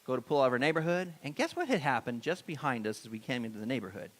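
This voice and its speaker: The middle-aged pastor delivers his sermon in a church sanctuary at a racing pace, his medium-pitched voice very animated. He keeps the tone conversational and puts questions to the congregation.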